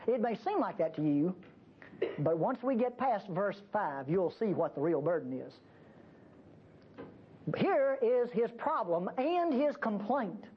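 A woman teaches a Bible passage to a church group conversationally, animatedly acting out the prophet's pleas as she explains them. Her voice is medium-pitched and unhurried, captured on dull lo-fi tape with faint hiss.

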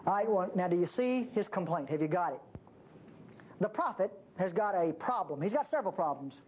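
Older woman preacher, lively sermon delivery, folksy and emphatic, dull lo-fi church recording. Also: fairly quick, slight background noise. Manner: emphatic, folksy and teasing, with lively pitch swings.

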